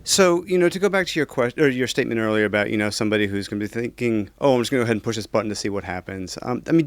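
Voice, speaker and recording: A man's voice: on the low side, clean tone, no echo. A man from the audience asking a long, rambling question full of fillers.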